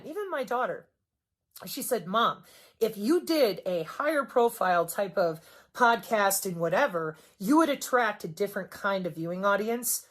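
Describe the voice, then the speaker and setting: A middle-aged woman from Wisconsin talking in an unscripted vlog monologue. She is sarcastic, swears often and swings sharply in pitch and loudness as she talks. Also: lively intonation, normal speed. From Wisconsin, US Midwest. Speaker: vlogger.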